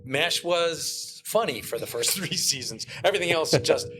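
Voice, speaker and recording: A man guesting on a podcast, telling stories in animated casual chat and acting out the lines he quotes. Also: a little high, normal speed. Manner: animated storyteller who acts out quoted lines. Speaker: guest, comic book writer.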